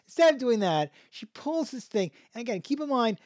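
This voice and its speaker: A man's voice: very high-pitched, big pitch swings, brisk, few pauses, darkish tone, dry recording, clean studio sound. A man hosting a podcast, talking through a show review in a rambling way, with many restarts and frequent chuckles. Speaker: podcast host. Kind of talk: casual review chat.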